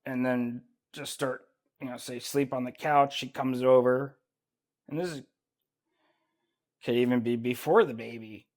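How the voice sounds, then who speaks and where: A man's voice: medium pitch, steady tone, measured pace, long pauses, darkish tone. A man from the United States, a guest on a casual podcast chat, speaking candidly and critically about himself and swearing freely. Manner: candid, self-critical, profane.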